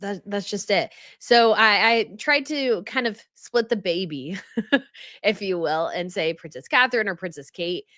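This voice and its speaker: A woman's voice: medium pitch, lively intonation, measured pace, fairly bright tone, no room sound, clean studio sound. A woman hosting a royal news livestream, chatting casually and reading viewer comments, rambling and laughing often. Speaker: royal news channel host.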